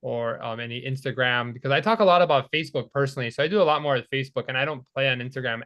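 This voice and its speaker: A man hosting a group call, encouraging the speaker in a halting way with many fillers. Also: mid-range voice, a bit bright. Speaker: host. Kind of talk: casual chat on a group call. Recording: muffled, dull call audio.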